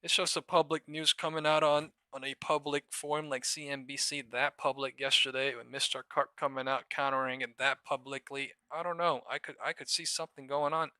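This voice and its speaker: Excitable, profane stock streamer guy. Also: medium pitch, a little fast, few pauses, clear, resonant tone, no echo. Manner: profane, excitable, laughs and shouts at market moves. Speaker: live stock trading streamer. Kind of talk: live-stream market commentary.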